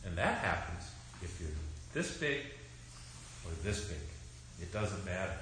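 A middle-aged male pastor tells the children a story in an animated, expressive way, speaking slowly. His voice is low yet bright. It was recorded in a church with a very strong echo and faint background noise. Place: church sanctuary. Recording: echoey church room.

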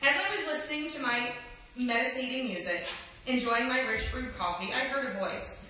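A woman reads an inspirational story aloud, earnest and gentle, her voice bright and a little high. She sits back from the microphone in a very echoey room, with a faint hiss of room noise behind her. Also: moderate pace, far from the mic.

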